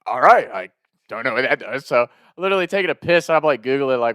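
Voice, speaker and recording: A young man tells a wild night-out story, swearing freely and laughing along at his own tale. His voice sits a bit high for a man. It is recorded close up in a very dry space. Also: sing-song, brisk, fairly bright tone, dry recording. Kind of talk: casual storytelling.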